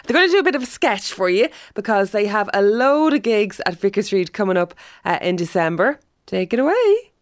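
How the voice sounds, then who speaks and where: A woman's voice: mid-range voice, animated, fairly quick, hardly any pauses. Chatty radio host woman. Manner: chatty, laughs easily. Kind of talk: radio interview chat.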